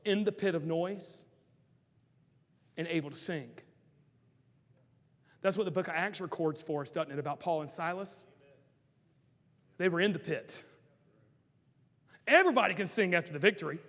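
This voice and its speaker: High-voiced preacher in a reverberant hall. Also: male voice. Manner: impassioned, rising to shouts then dropping low. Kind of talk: sermon. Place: large church sanctuary.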